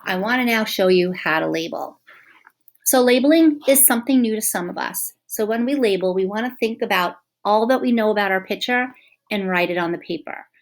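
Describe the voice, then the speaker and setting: A woman teacher speaks gently to young children in a lesson. She is encouraging and patient, and she slows down to sound out the letters of simple words. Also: mid-range voice.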